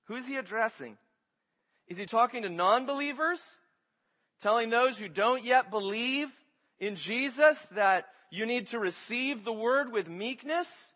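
A man's voice: very high voice, lively intonation, measured pace, bright, forceful tone, in a large hall, highs cut off. A man pastor preaching a sermon, teaching his congregation with rhetorical questions.

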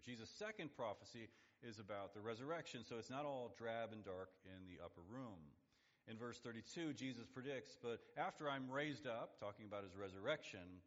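A man preaching a sermon, building up to emphatic high points and dropping to hushed, low lines. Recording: lo-fi sound in a long-reverb hall.

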